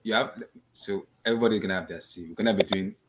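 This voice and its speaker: A man's voice: lowish voice, fast, background noise. A man hosting a casual group call about football, steering everyone back to the main topic. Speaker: host.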